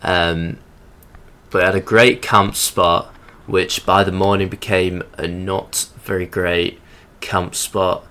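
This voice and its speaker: Deep-voiced sardonic guy. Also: little pitch movement, takes it slowly, sharp tone, smooth. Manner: sardonic, rambling, sweary. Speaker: hiking vlogger. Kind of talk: casual voice-over narration.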